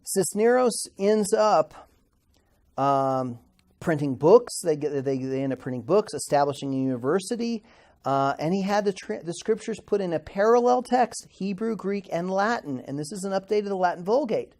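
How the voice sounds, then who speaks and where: His voice is high and darkish in tone, with lively intonation and a moderate pace. This middle-aged Bible institute teacher lectures on history conversationally, quizzing the class and stumbling over hard words.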